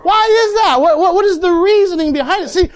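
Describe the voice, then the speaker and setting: High-voiced preacher calling for amens. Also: male voice, fairly quick. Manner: keeps asking the congregation "amen?", chuckling asides. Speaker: pastor. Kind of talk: sermon.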